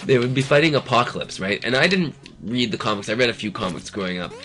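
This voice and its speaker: A man's voice: medium pitch, lively intonation, quick pace, pushed and bright. A man rambling and joking through casual banter while his friend plays a video game. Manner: rambling, joking, laughs a lot. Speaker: co-host of a gaming show.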